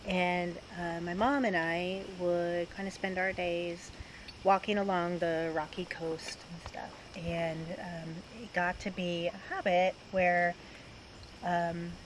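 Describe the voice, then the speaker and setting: A woman from Maine recounts a memory at an easy pace, pausing to find her words. Her voice is on the low side. Clear outdoor traffic noise sits behind her. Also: flat delivery, rough recording. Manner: unhurried, searching for words. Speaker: guest sharing a story. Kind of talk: personal storytelling. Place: outdoors beside a road.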